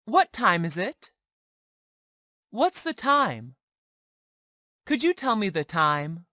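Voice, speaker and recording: A woman reads learner phrases one by one at an unhurried pace. Her pitch moves a lot between lines. The sound is close and dry, with no room around it. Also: sing-song, sharp tone, no echo. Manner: slow, deliberate drill reading, one phrase at a time. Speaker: English teacher. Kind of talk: reading practice phrases for learners.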